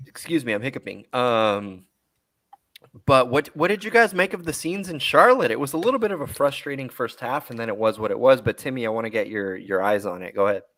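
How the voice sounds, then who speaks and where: A man's voice: medium pitch, animated, fast talker, few pauses, a bit bright, no room sound. A man hosting a casual podcast chat, rambling with many restarts. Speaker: podcast host.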